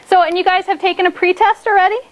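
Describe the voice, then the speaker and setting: A woman teaches a class in an upbeat, encouraging way, with a high, bright-pitched voice. She talks the children through each step and keeps checking in with "okay?". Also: steady tone, fast. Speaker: elementary school teacher.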